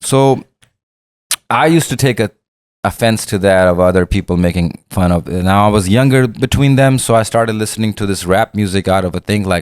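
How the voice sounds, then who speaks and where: A man's voice: fairly low pitch, normal speed, clean tone, no echo, studio quality. A middle-aged man with a Pakistani accent, telling long, profane stories as an interview guest and acting out the dialogue. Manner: profane, rambling, acts out dialogue. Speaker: guest rapper. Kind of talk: candid storytelling interview.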